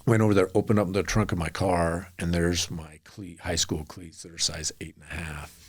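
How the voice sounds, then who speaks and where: With a deep, husky voice at a moderate pace and a level tone, the middle-aged man tells earnest stories as a podcast guest. His anecdotes ramble, and he acts out what people said.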